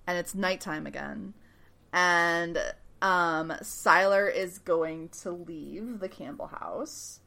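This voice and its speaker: A woman hosting a podcast, casually recapping a TV episode and animatedly acting out quoted lines. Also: lowish voice. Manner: animated retelling, acting out quotes with frequent laughs. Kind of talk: casual chat.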